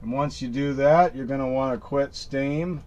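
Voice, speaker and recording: A man's voice: mid-range voice, moderate pace, a little mellow, highs cut off. A man casually talking through a screen-recorded tech walkthrough, rambling and folksy, full of fillers and restarts. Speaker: tech tutorial maker.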